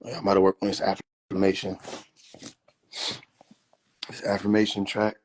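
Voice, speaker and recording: A man's voice: deep voice, monotone, normal speed. A man chatting casually on a phone livestream, loose and profane, laughing often. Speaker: livestream host.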